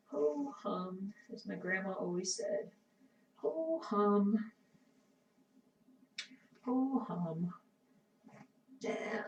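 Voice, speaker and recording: A woman's voice: medium pitch, gravelly, distant mic. A woman chatting casually with her live-stream viewers while she cross-stitches, often muttering to herself as she works. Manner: chatty, talks to herself and chat while working.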